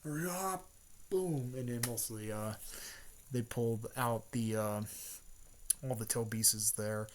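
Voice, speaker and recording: A man casually retelling a story, rambling with lots of fillers and frequent throat clearing. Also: on the low side, a little slow.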